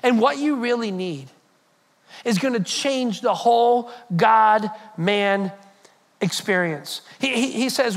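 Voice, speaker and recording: A male pastor preaching a sermon to a congregation, animated and conversational, with frequent repetitions. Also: high voice, takes it slowly. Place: church hall before a congregation.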